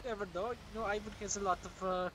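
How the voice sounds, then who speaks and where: A man's voice: sits high, fairly even intonation, rapid-fire, sharp tone, a little hiss or hum, rough recording. A man voicing a scheming male Russian drug cook with a put-on Russian accent, who speaks broken English, calls himself by name and keeps saying yes, yes. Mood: eager. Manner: broken English, repeats yes, yes, self-mocking. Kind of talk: role-play in a driving game.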